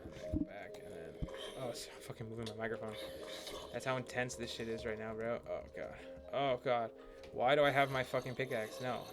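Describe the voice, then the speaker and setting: A young man chats through a gameplay session in a loose, rambling way. He leans on fillers and curses freely, at a middle pitch. Game music plays clearly behind him. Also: fairly even intonation, a little fast. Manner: rambling, profane, many "like" fillers. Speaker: gaming streamer. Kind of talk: casual gameplay commentary.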